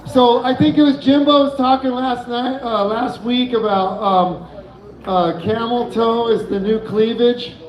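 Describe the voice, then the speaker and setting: A man's voice: extremely high pitch, fairly even intonation, unhurried. A man doing a rambling, giggly stand-up set on a bar stage with a handheld mic. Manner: rambling, giggly, loose delivery. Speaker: open-mic comedian. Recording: echoey room, muffled mic.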